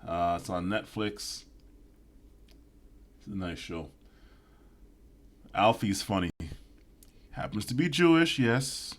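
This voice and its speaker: Deep-voiced rambling sarcastic male commentator. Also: very animated, a little slow, pauses often. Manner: rambling, profane, mock-apologetic asides. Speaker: video commentator.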